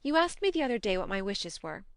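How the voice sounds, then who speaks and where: Brief: spirited, impulsive young woman read by a woman, smooth and close, audiobook. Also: mid-range voice, no echo. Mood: earnest. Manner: brisk, lively, impulsive. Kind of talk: audiobook narration.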